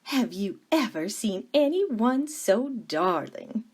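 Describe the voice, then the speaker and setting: A woman's voice: medium pitch, very animated, slow, darkish tone, breathy edge, voice pushed up, heavily acted. A woman voicing a doting, affectionate older wife in a storybook, with a tender, cooing manner.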